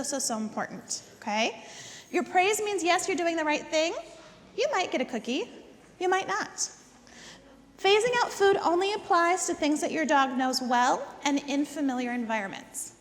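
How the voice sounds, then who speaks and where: A woman's voice: high voice, fairly bright tone, big-room sound, a little hiss or hum. A woman teaching a dog training class. She gives step-by-step instructions, repeats words for emphasis and often checks in with "okay?". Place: indoor dog training facility.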